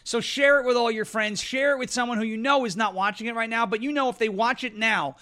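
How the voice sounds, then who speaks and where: Male live-stream host: high, bright, brash, mocking, restless topic-hopper. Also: steady tone, fast talker. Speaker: show host. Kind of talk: live political commentary stream.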